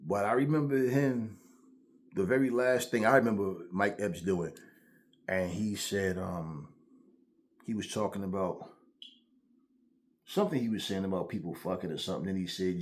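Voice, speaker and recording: A man's voice: deep voice, moderate pace, long pauses. Profane, blunt man ranting. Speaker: channel host. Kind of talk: ranting commentary vlog.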